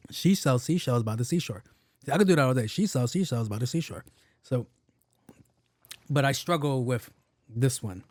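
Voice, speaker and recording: A man's voice: mid-range voice, normal speed, long pauses, darkish tone, no room sound. Rambling man on a dry mic. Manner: rambling, swears freely, stumbles through tongue twisters. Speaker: podcast host. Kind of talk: casual solo podcast chat.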